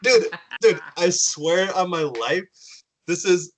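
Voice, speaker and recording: A man hosting a podcast animatedly tells a story, performing the words of others and swearing a lot. He speaks in a high voice at a slow pace, over a low-quality recording with a little hiss or hum.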